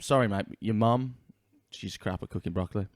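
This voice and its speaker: A man co-hosting a casual podcast, jokey and quick to swear. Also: on the low side, dry recording, studio quality. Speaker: podcast co-host. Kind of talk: casual chat.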